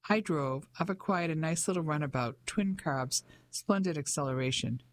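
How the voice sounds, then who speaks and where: A man's voice: fairly high pitch, normal speed, slight background noise, lightly acted. An audiobook narrator voicing a genial young Englishman who talks in a cheerful, clipped way.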